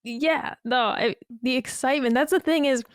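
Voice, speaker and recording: A woman's voice: high-pitched, moderate pace, dry recording, studio quality. A woman co-hosting a gaming podcast in casual chat, laughing often and filling her talk with "like". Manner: giggly, filler-heavy chatter. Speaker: podcast co-host.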